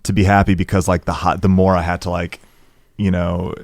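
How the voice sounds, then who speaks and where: A man guest on a podcast speaking reflectively in casual interview chat, with many halting restarts. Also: low voice, level tone, darkish tone, no room sound. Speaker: musician guest.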